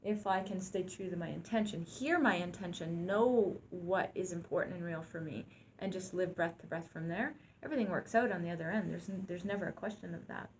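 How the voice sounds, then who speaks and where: A woman's voice: lowish voice, a little fast, hardly any pauses, a little hiss or hum. A woman co-hosting a talk show, speaking in a reflective, earnest way about living in the present. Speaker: co-host. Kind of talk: reflective conversational chat.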